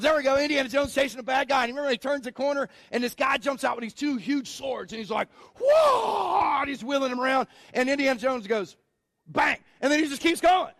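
High-voiced emphatic preacher man. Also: a bit bright, no echo. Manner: emphatic, colloquial, calls for congregation responses. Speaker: pastor. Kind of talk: sermon.

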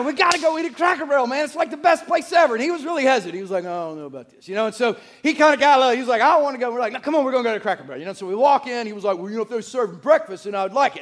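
Middle-aged pastor, man, high voice; comic storyteller who shouts punchlines, then quiets for scripture. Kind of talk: sermon with humorous storytelling.

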